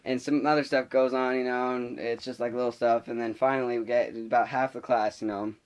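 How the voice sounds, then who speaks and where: A man's voice: mid-range voice, little pitch movement, fairly quick, clear, resonant tone. A young man vlogging, telling a school story in a rambling, exasperated way. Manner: rambling, exasperated, lots of fillers. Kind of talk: casual storytelling to camera.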